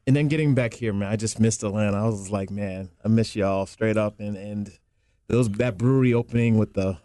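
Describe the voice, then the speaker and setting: Male guest, lowish voice, unhurried and halting, dry studio sound. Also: warm tone, dry recording. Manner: laid-back, hesitant, lots of ums. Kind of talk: casual chat.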